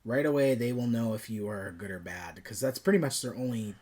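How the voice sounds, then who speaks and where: A man's voice: mid-range voice, animated, brisk, a little mellow. Easygoing man in casual podcast chat. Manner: chatty, loose, trails off with fillers. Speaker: podcast co-host. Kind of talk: casual movie review chat.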